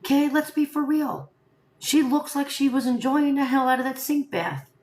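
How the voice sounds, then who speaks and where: Her voice sits high and moves at a normal speed as she hosts a casual live stream. The woman speaks directly to viewers in an animated way, asking question after rhetorical question, with echo from the room audible.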